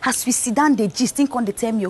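A woman's voice: fairly high pitch, quick pace, husky. An actress playing a scheming young Nigerian woman who chats brashly in Pidgin. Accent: Nigerian, Pidgin-speaking. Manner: brash, lively Pidgin banter.

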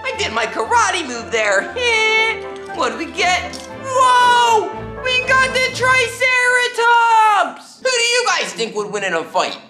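A woman voicing an excitable young schoolboy who reviews toys, shouting, giggling and yelling karate cries. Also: very high-pitched, slow, full character voice. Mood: excited. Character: hyper young schoolboy toy reviewer with brothers. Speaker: toy reviewer. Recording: roomy echo with music behind.

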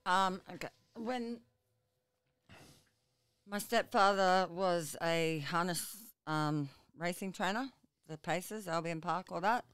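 A woman's voice: on the low side, takes it slowly, a bit bright, clean tone, dry recording, clean studio sound. An Australian woman from the Brisbane area, a podcast guest telling crude stories in casual chat and laughing often. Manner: laughing storyteller, crude humour.

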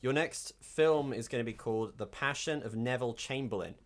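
A man's voice: medium pitch, brisk. Hesitant, polite male host. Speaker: podcast host. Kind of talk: deadpan mock interview.

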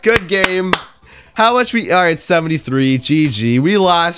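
A young man giving excitable gaming commentary, talking to himself while he plays. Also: a little high, a little slow, soft background music. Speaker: gaming YouTuber.

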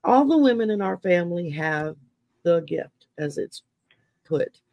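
A woman's voice: fairly low pitch, lively intonation, unhurried, creaky, darkish tone, no room sound. A middle-aged woman from Texas, hosting an interview and telling personal stories in a chatty way, often laughing as she talks. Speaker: podcast host. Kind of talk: casual interview storytelling.

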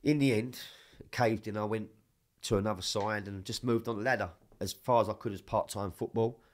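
A man with a low voice tells his stories with a lot of energy. He swears all the time and keeps the chat loose and casual. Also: a little fast. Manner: swears constantly, animated storytelling. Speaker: podcast guest.

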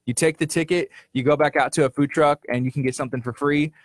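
A man's voice: on the high side, fairly even intonation, fast talker, dry recording, clean studio sound. A man co-hosting a local radio show, chatting casually and teasing his co-host with a joking, laughing manner. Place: radio studio. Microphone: studio microphone.

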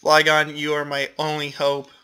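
A man's voice: a little high, completely flat delivery, moderate pace, bright, forceful tone, clean tone. A young man giving casual, exclamatory gameplay commentary, groaning at his losses and laughing at himself. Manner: self-deprecating, exclamatory, laughs often. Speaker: gamer commentator.

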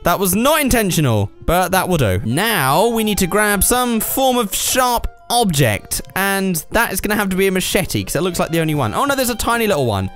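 A man giving let's play commentary while he plays a video game, exasperated, swearing, yelping and cheering loudly. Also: high-pitched, big pitch swings, brisk, hardly any pauses, soft background music.

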